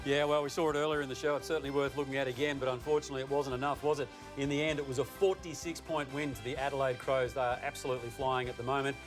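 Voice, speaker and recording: An Australian man hosting a TV football show, brisk and upbeat, teasing the panel. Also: medium pitch, fairly even intonation, music in the background. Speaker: host.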